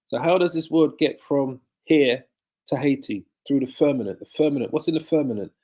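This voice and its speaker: In a live video from his home, a man delivers a Bible lesson in sermon style. His voice is medium-pitched, mellow, and a little fast, and he poses rhetorical questions, answers them himself, and repeats phrases for emphasis.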